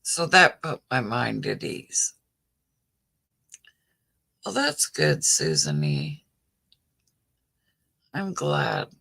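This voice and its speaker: A woman's voice: extremely low pitch, huge pitch swings, extremely slow, creaky, pauses often, fairly bright tone, slightly rough. A middle-aged woman hosting a casual livestream chat, rambling with lots of "you know" as she answers viewer comments. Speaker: livestream host.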